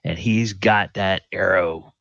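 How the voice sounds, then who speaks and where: A very deep, unhurried man guiding a tabletop session as dungeon master. He talks in halting bits, full of fillers and restarts. The sound is dry and muffled, like a lo-fi call. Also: steady tone, vocal fry, fairly bright tone, no echo. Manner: hesitant, many fillers and restarts. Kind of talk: running a tabletop game, casual.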